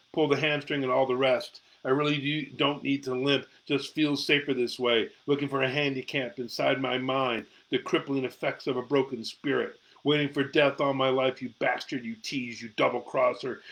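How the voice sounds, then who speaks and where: A middle-aged man reads his own poems on a live stream, his voice pitched squarely in the middle. His delivery is raw and intense, and he swears freely. He talks close to a phone or webcam. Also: vocal fry, bright, forceful tone, low-quality recording. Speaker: amateur poet and show host. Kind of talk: live-streamed poetry reading.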